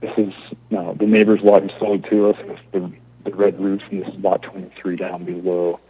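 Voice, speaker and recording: A man from Alaska, an applicant giving halting testimony at a zoning hearing over remote audio. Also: low voice, level tone, dark tone, slight background noise, rough recording. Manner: halting, restarts often.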